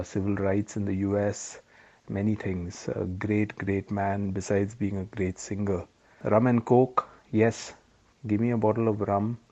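Low, flat-voiced middle-aged man. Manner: reflective, digressive, warmly chatty. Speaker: podcast co-host. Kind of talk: casual chat over drinks. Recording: slightly dull lo-fi audio.

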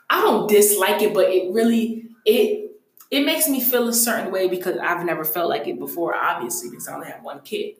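A young woman hosting a casual solo podcast, talking candidly and profanely with self-mocking humor. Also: mid-range voice. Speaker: podcast host. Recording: very echoey room.

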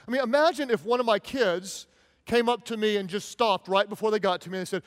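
A man delivering a sermon in a relaxed, conversational way, slipping into little voices for the people he quotes. His voice sits high for a man. The long reverb of a large church hall trails after every phrase. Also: a little fast, smooth. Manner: conversational, animated, acts out quoted prayers. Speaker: pastor.

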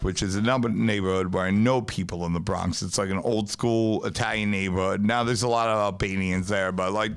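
Brooklyn-style man, low voice, rambling podcast storyteller, loose and profane. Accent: New York. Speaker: podcast host, pizzeria owner. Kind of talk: casual storytelling chat.

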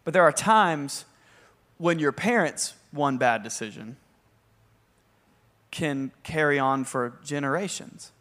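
Pastor guy preaching, high bright voice, chatty and punchy. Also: takes it slowly, long pauses. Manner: energetic, conversational preaching with bursts of emphasis. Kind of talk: sermon.

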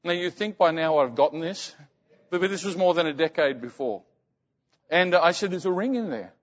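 A man preaching as a pastor, telling a story earnestly, often dropping to a hushed, slow voice. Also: fairly high pitch, lively intonation, big-room sound, lo-fi sound. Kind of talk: sermon storytelling.

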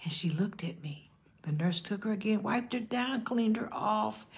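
An older woman pastor preaching an animated storytelling sermon in a church, acting out the people in her story. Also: mid-range voice, moderate pace. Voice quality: very husky, breathy.

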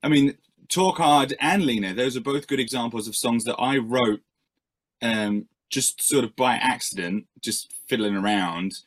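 A man's voice: mid-range voice, measured pace. A male musician answering interview questions in a rambling, self-deprecating way, with many fillers and restarts.

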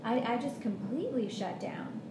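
A woman in casual conversation, speaking frankly and reflectively about how being yelled at affects her. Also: fairly high pitch, animated, moderate pace. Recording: roomy with clear background noise.

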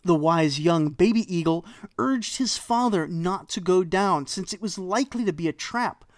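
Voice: medium pitch, lively intonation, normal speed, no room sound. A storyteller retelling an old myth with wry asides and dry humor.

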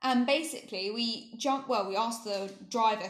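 A young woman with an English accent telling a travel story in casual chat, animated and fond of saying "literally.". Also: on the high side, moderate pace. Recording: roomy echo.

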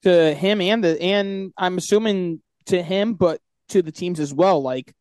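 A man's voice: sits high, unhurried, darkish tone, smooth, dry recording. A man co-hosting a sports podcast in casual chat, teasing his co-host and laughing often.

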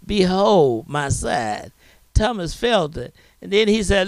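A man's voice: sits high, very animated, slow, no room sound. A man pastor preaching a fervent sermon, repeating refrains and punctuating lines with amen and hallelujah.

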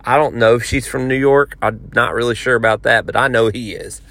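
A man telling a long story in a casual, rambling, animated way. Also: medium pitch, a little fast. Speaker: podcast host.

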